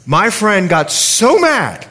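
Lively high-voiced man preaching. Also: slow. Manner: animated, humorous, acts out quoted voices. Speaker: pastor. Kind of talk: sermon with storytelling.

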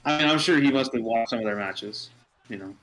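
A man's voice: medium pitch, brisk, a bit bright, soft background music, poor audio. A man rambling and stammering through casual, profane banter while watching wrestling with friends.

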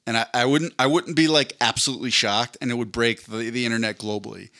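Bright-voiced man rambling crudely. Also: medium pitch, steady tone, fast talker. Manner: rambling, stammers, crude humor. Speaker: podcast co-host. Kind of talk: casual chat.

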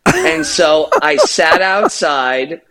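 A man's voice: on the high side, drawn-out words, sharp tone. A middle-aged man co-hosting a podcast, telling a rambling, profane story with laughs. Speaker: podcast co-host. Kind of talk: casual storytelling.

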